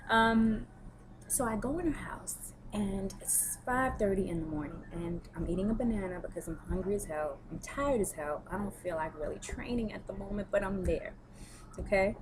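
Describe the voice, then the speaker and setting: A woman's voice: mid-range voice, expressive, normal speed, noisy background. A woman who works as a personal trainer, chatting candidly in a casual vlog as she answers viewer questions. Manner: chatty, candid, storytelling with frequent fillers.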